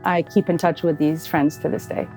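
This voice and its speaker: Soft music plays behind a middle-aged woman, a nonprofit CEO, as she tells stories as a guest in a podcast interview. Her voice is deep and her speed normal, and she animatedly acts out the voices of people she quotes, laughing now and then.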